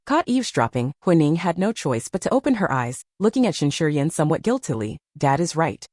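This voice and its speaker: A woman narrates a romance novel in steady audiobook style. Her low voice moves through a lively, animated range, and the recording is close and dry with no room sound. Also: fast, no echo.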